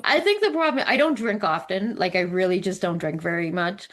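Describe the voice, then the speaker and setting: A woman's voice: medium pitch, fairly quick. A woman co-hosting a podcast, telling stories in casual chat and laughing often, with a light English accent. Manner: laughs often, animated storytelling. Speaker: podcast co-host.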